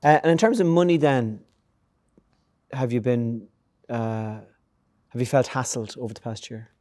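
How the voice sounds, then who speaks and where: Middle-aged Irish male host: anecdotal, easygoing, with a warm voice recorded dry and close. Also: medium pitch, measured pace, no echo. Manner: chatty storyteller, laughs through anecdotes. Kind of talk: conversational interview.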